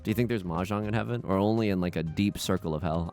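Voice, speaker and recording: A young man gives casual commentary on his own game, dramatic and self-mocking. His pitch leaps about constantly, from hushed mutters to loud cries, while soft music plays under him. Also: animated, quick pace, few pauses. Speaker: let's play host.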